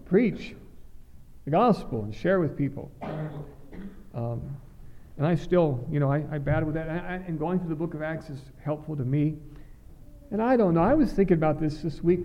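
A middle-aged man preaches in an earnest, halting way, often repeating words as he restarts his thoughts. His voice is gravelly with a slightly raised pitch. The recording is dull and lo-fi. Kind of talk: sermon.

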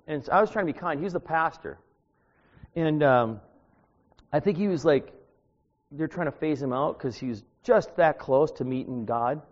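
Man in his 60s preaching in an echoey church. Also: fairly high pitch. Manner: informal, self-deprecating, chatty asides to the congregation. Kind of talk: conversational sermon with personal stories. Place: church, at the pulpit. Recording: dull, echoey church recording.

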